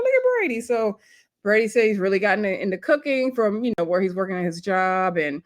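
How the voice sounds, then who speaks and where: A woman talks through a TV episode like she's catching up with a friend. She chats, laughs, and slips into quick voices for the characters she describes. Her pitch sits in an ordinary middle range. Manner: chatty, laughing storyteller who acts out quotes. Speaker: TV show reviewer. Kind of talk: casual episode recap.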